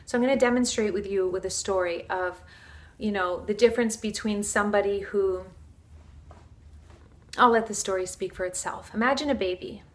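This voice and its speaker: A woman spiritual teacher speaks in an earnest, flowing, casual manner, full of fillers like "like" and "you know". Her voice sits at a middling pitch for a woman. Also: moderate pace.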